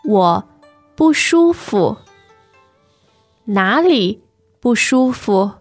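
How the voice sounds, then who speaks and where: A woman co-hosting a language lesson podcast, laughing easily and modeling phrases slowly and carefully. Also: on the high side, sing-song, no echo, faint music behind. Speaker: co-host and language teacher. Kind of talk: casual teaching chat with slow model phrases. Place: studio in China.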